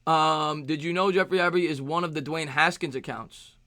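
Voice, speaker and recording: A man with a New York accent runs a casual live-stream Q&A and answers viewer questions as they come in. His voice is bright and forceful, set a little higher than most men's. He talks loosely, with many fillers and repeated phrases, recorded dry and close. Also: normal speed, no room sound. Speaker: sports stream host.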